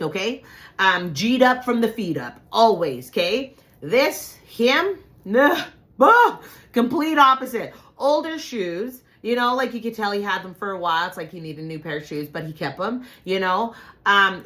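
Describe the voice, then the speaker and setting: A woman telling a personal story in a casual, animated way, swearing freely and talking straight to her listeners. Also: lowish voice. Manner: profane, animated, addresses listeners as "you guys".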